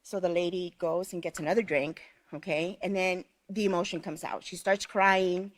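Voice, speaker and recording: A woman's voice: on the low side, steady tone, normal speed, no room sound. Woman, teacher trainer, conversational, storytelling, dry close sound. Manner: conversational, frequent "okay?" check-ins, storytelling. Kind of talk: live online class instruction.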